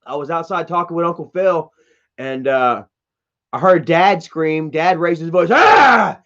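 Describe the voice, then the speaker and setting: Unhurried and somewhat high-pitched, this man runs a livestream where he reads chat comments out loud and rants with blunt profanity. It's a candid, casual session, and the stream audio is dull and lo-fi.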